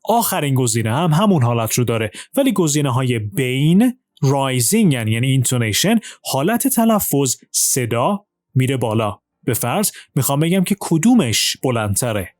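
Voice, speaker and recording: Lively male English teacher, dry sound. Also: mid-range voice, no echo. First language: Persian. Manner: reads textbook lines slowly, then explains quickly in Persian. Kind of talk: bilingual language lesson.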